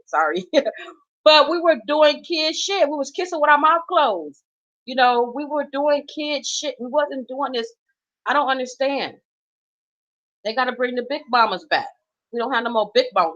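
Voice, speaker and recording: In a slightly dull, lo-fi recording, a middle-aged mother and grandmother vents emphatically without a script, swearing freely. Her voice is on the high side and a bit bright.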